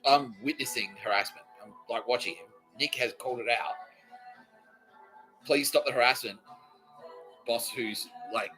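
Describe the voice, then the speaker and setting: A man's voice: medium pitch, rough recording. A man hosting his own podcast, telling a rambling, profane story with agitated energy and frequent laughter. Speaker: podcast host. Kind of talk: rambling solo comedy monologue. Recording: music playing clearly behind.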